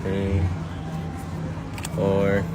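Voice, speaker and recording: A man's voice: low voice, completely flat delivery, very slow, noisy background. A man giving mock-mystical tarot readings to strangers outdoors on a city street, making grand theatrical pronouncements.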